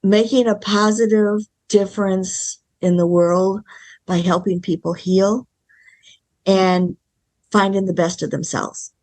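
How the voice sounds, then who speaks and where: A woman filmmaker answers questions in a casual interview. Her speech is thoughtful and halting. She often stops mid-word and starts over. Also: mid-range voice, fairly even intonation, darkish tone. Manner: thoughtful, halting, with many restarts and ums. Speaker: filmmaker guest.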